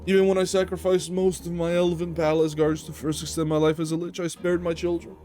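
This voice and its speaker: A man's voice: fairly high pitch, flat delivery, brisk, warm tone, soft background music, voice pushed up, close to an everyday voice. A man voicing a bitter, scheming old male lich villain in a game, with a theatrical, sneering manner. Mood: gloating.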